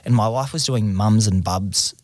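Australian man, low voice, dry close sound. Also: moderate pace, no room sound. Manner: animated storyteller, laughs at himself. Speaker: podcast co-host. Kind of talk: casual storytelling chat.

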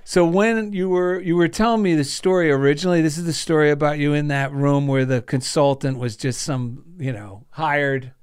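A man with a high, smooth, clear voice co-hosts a casual talk show. He speaks earnestly and encouragingly, and he makes his points by retelling stories. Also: moderate pace, few pauses, a little mellow. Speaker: co-host. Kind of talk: casual chat.

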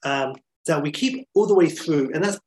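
A man's voice: on the high side, normal speed, slight background noise, low-quality recording. A man, a podcast host, telling a story in enthusiastic, chatty talk with many fillers. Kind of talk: casual storytelling chat.

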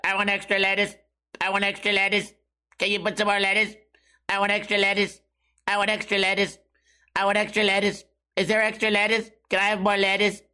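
A man putting on an awkward teenage boy with a flat, robotic voice who repeats the same request over and over. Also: high voice, brisk, smooth. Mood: droning. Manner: monotone, droning repetition.

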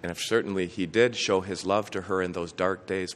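Deep-voiced man preaching in a church. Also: fairly even intonation, fairly quick. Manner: storytelling, earnest, with small restarts. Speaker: bishop preaching a homily. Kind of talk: sermon. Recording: long reverb from a church, faint noise.

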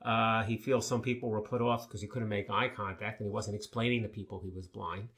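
A man co-hosting a casual talk show, telling stories in a relaxed way with many fillers. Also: on the low side, a little fast. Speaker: co-host. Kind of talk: casual conversational chat.

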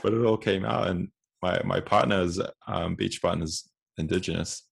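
Gravelly low-voiced man in his twenties. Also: fairly even intonation, normal speed. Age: 20s. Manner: candid, repeats words while telling stories. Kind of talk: casual conversational storytelling.

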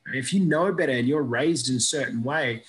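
A man from Iraq speaks as a guest in a relaxed conversation, with a voice of ordinary, middle pitch. He tells his stories with energy and keeps checking in with his listener by asking "right?". The talk stays casual and unscripted. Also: fairly quick. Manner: animated storyteller who tags lines with "right?". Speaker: interview guest. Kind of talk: casual storytelling chat.

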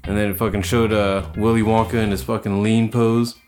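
A man's voice: on the low side, level tone, brisk, a little mellow, soft background music. A man co-hosting a casual podcast chat, rambling and swearing with lots of filler words. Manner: rambling, profane, many filler likes.

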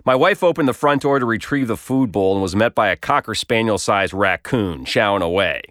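A man's voice: on the low side, expressive, fairly quick, a bit bright, no echo. A man reading his own comic story aloud with wry, dry humor. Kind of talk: scripted narration.

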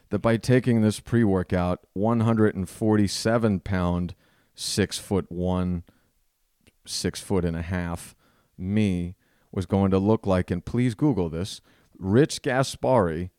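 A man with a low, smooth voice chats through a comic story about himself. He rambles and mocks his younger self with easy energy. The sound is close and dry. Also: no room sound. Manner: self-deprecating, rambling, animated. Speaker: podcast host. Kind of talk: casual comedic storytelling monologue.

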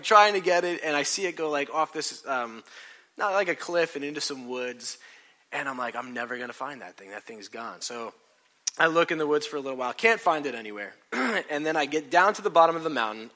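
A middle-aged man telling a personal story in a sermon, animated and self-mocking, acting out what people said. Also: on the high side, fairly quick.

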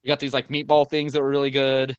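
A man's voice: medium pitch, completely flat delivery, fast talker, clear, resonant tone, no echo, dull audio. A man telling a long story in casual chat, rambling with many fillers and restarts and the odd swear word.

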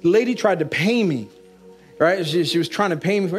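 A middle-aged male pastor preaching with a fairly high voice, leaning on repeated phrases and calls to the congregation. Soft music plays faintly behind him. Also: animated, a little fast. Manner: call-and-response preaching, repetitive emphatic phrasing. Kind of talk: sermon.

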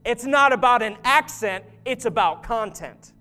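Man, pastor, sermon, very high voice, earnest preaching, soft music underneath. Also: animated, unhurried. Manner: earnest preaching, drops to quiet, intense tones for emphasis; rises loud and urgent at climaxes.

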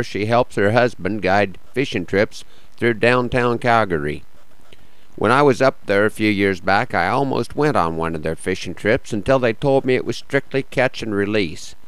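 A man's voice: on the low side, smooth, dry recording, low-quality recording. A man hosting a show, introducing a guest with dry, easygoing humor. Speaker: radio host introducing a guest. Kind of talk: casual spoken introduction.

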